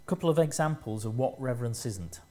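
A man preaching a sermon, speaking in short measured phrases and rising in force to stress key lines. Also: medium pitch, expressive, warm tone.

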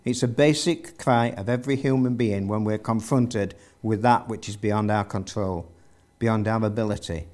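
A man's voice: lowish voice, steady tone, moderate pace, darkish tone. A man preaching a sermon, retelling a story with vivid narration and rhetorical questions to the congregation.

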